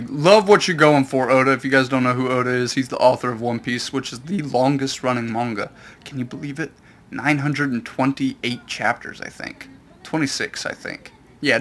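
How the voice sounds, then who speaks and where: A man casually retelling a manga chapter in a rambling, animated way, with quick put-on voices for the characters. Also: mid-range voice. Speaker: YouTube host.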